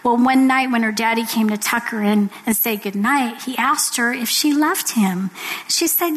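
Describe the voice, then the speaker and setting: A woman's voice: fairly high pitch, moderate pace, rough recording. A woman giving an earnest devotional talk to women, telling a story to make her point.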